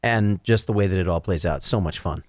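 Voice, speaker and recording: A man co-hosting a casual book discussion podcast, laughing often as he retells scenes with animated energy. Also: deep voice, fairly quick, dry recording, clean studio sound. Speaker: podcast co-host.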